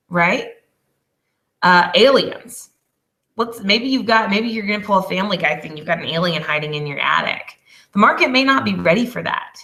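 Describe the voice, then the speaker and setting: A woman in her twenties, a business coach teaching a casual lesson, chatty and quick to laugh. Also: medium pitch, bright, forceful tone. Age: 20s. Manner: chatty, laughs often, apologizes.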